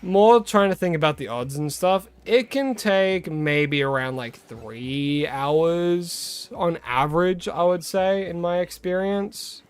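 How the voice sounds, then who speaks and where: A man's voice: high-pitched, slow pace, hardly any pauses, clean tone. An Australian man streaming a game live, chatting casually with viewers, greeting them and correcting himself as he rambles. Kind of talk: casual live-stream chat while playing.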